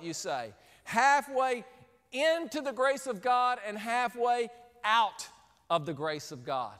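A man with a high voice gives a sermon, telling a story with lively, acted-out moments. His voice rings through a large hall with a long reverb tail. He switches between plain teaching and playing out the scenes he describes. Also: takes it slowly. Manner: animated storyteller, acts out scenes. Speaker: speaker.

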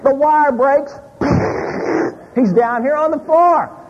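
A man preaching a sermon, telling an animated story to a live congregation in a church. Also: extremely high pitch, slow pace, slight background noise. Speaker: pastor. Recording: muffled audio in a large hall.

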